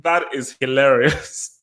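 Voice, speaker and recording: A man hosting a live football reaction stream, excitable, laughing often and repeating his words. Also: medium pitch, slow pace. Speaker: football channel host.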